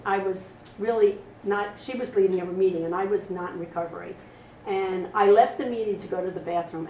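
A woman's voice: mid-range voice, distant mic, a little hiss or hum. Middle-aged woman, frank storyteller at a meeting, heard from across an echoing room. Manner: candid, animated storytelling with acted quotes. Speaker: speaker sharing recovery story. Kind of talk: personal testimony at a meeting. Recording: roomy echo, voice from off-mic.

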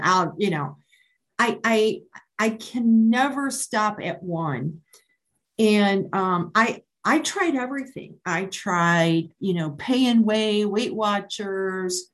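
A woman's voice: medium pitch, expressive, takes it slowly, poor audio. A middle-aged woman from Maryland giving a candid personal testimony at an online support meeting, hesitating often with ums and restarts. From Maryland, USA. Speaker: speaker sharing her recovery story. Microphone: online meeting call.

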